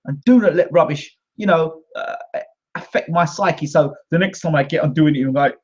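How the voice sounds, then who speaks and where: Here the British channel host speaks at a moderate pace, his voice fairly high and slightly rough. The rant to camera is indignant and combative, full of repetition, and the audio has a dull lo-fi quality.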